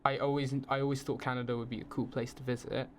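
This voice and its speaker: A man's voice: medium pitch, little pitch movement, fast talker, a little hiss or hum. A young British man, a film student, chatting casually as a podcast guest, laughing often and restarting his sentences. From United Kingdom. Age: young adult.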